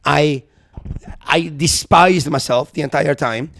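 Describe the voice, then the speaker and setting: A young man holds the floor on a casual podcast, a touch high in pitch. He tells his story with gusto, acting out each quoted voice and dropping the odd swear word. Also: slow pace, vocal fry, a little hiss or hum. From Europe. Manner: animated storyteller who acts out quotes, swears. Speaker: podcast co-host. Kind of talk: casual chat, anecdote.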